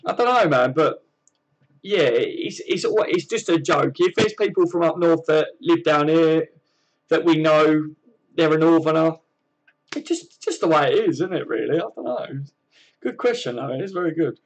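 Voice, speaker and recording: Chatty southern English bloke, slightly high voice. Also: male voice, moderate pace. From southern England. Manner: chatty, matey banter with frequent fillers. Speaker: channel host reading live chat. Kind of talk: casual live-stream chat.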